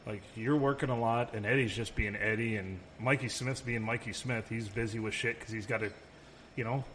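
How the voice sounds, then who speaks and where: A man's voice: lowish voice, steady tone, fairly quick, fairly bright tone. A man co-hosting a podcast in casual chat, telling rambling stories and swearing freely. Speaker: podcast co-host. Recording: long reverb, faint room noise.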